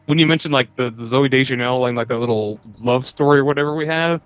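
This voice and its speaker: A man's voice: medium pitch, fast talker, a bit bright, no echo, dull audio. A man co-hosting a podcast, chatting casually and profanely about a movie and acting out bits in put-on voices. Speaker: podcast co-host. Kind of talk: casual movie-review chat.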